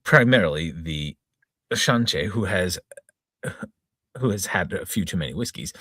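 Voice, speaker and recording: A middle-aged man in his 40s to 50s, with a deep voice, hosts a casual reading podcast. He reads a comic news-style story aloud in a mock-dramatic, tongue-in-cheek newsreader tone, stumbling and restarting over words. The recording is dry with clean studio sound.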